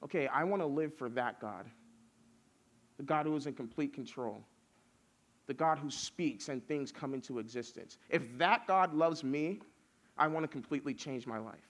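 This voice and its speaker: A man's voice: fairly high pitch, normal speed, a bit bright. A young man preaching a casual youth sermon, telling stories and building lists with rising force.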